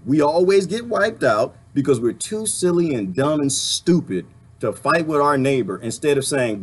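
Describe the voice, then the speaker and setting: A man's voice: on the high side, lively intonation, normal speed, slightly rough. A man delivering an impassioned political rant to camera, full of rhetorical questions and mild swearing. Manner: emphatic, rhetorical questions, swearing, laughs often. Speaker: vlogger.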